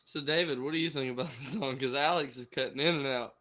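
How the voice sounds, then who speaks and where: Bright-voiced casual young man. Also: mid-range voice, fast talker. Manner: casual, agreeable, slangy. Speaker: podcast co-host. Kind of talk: casual chat on a call.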